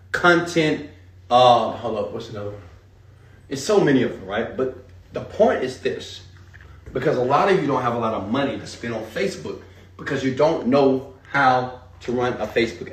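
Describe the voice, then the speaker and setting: Animated hype-driven male seminar speaker. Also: mid-range voice, echoey room, recorded from a distance. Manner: animated, hype-driven, addresses audience directly. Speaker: speaker teaching an online marketing seminar. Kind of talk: live seminar talk.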